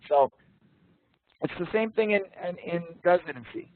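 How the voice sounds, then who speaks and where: Casting: casual, blunt male instructor, slightly high voice, thin phone-like call audio. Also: animated, normal speed. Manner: casual, blunt, swears, quizzes students. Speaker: interview prep instructor. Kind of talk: online class teaching. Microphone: video call. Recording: tinny dry call audio.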